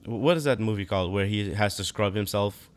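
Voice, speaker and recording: Low-voiced rambling man. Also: fairly quick. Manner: rambling, lots of fillers. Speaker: podcast co-host. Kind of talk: casual chat.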